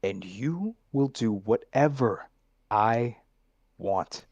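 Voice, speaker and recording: A man voicing a condescending male villain boss in a voice acting session, speaking slowly with quiet, possessive menace. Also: mid-range voice, animated, dry recording, dull audio, full character voice. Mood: menacing.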